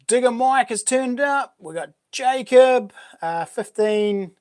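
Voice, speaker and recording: A man's voice: very high voice, slow pace, a little mellow, no echo, studio quality. A man with a New Zealand accent hosting a livestream, chatting casually and upbeat, greeting viewers as buddy and mate. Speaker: livestream host. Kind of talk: casual chat greeting live chat.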